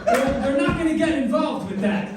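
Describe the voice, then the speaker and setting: High-voiced twenties man doing stand-up. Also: lively intonation, normal speed, distant mic. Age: 20s. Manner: rambling, self-mocking, crude. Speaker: stand-up comedian. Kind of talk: stand-up comedy set. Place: comedy club stage. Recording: echoey club, mic heard from afar, crowd noise. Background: audience laughter.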